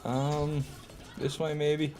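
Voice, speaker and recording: A man's voice: a little high, level tone, very slow, dark tone, faint music behind. A man streaming a game live, rambling and joking, answering chat questions and swearing now and then. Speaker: gaming streamer. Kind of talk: casual live gameplay commentary.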